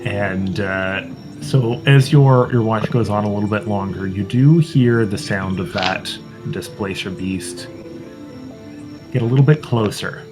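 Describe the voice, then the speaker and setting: Male game master, low voice, calm halting scene narration over clear music. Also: low-quality recording. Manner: hesitant, many fillers, calm descriptive pacing. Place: home, online voice chat.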